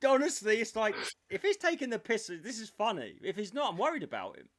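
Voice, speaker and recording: A man's voice: high voice, no echo, studio quality. A man co-hosting a podcast over a video call, chatting casually and animatedly, often slipping into silly voices. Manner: animated, quick to do voices, laughs while talking. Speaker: podcast co-host. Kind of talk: casual chat.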